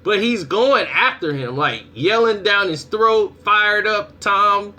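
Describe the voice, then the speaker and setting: Brief: young adult male vlogger, casual commentary, animated delivery, bright and slightly high voice. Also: takes it slowly. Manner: animated storytelling, acts out reactions.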